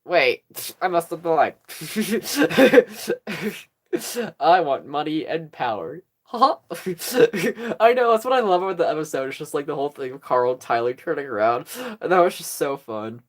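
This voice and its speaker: A woman's voice: deep voice, animated, measured pace. A woman hosting a casual fan livestream, rambling and giggling often with frequent laughs and an occasional cough. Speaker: livestream host.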